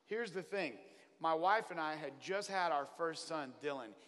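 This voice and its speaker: A man with a bright, forceful voice tells a funny personal testimony to a congregation, playing out his side of a conversation with God. His voice sits a touch higher than most men's and rings with a long reverb from a large hall. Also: moderate pace. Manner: animated storytelling, acts out his own prayers. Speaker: traveling children's minister. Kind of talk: comedic testimony sermon.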